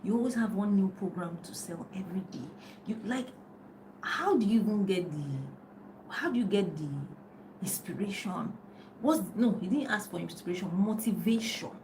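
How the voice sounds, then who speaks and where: A woman's voice: on the low side, darkish tone, slight background noise, low-quality recording. A middle-aged woman coach talking casually and chattily on a live video, often losing her thread and laughing. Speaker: life and business coach. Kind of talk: casual live-stream talk. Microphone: phone on a live video.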